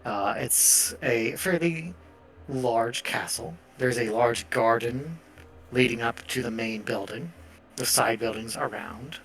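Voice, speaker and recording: A man narrating a tabletop game as game master, relaxed and hesitant, with frequent fillers. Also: mid-range voice, slow pace, gravelly, soft background music.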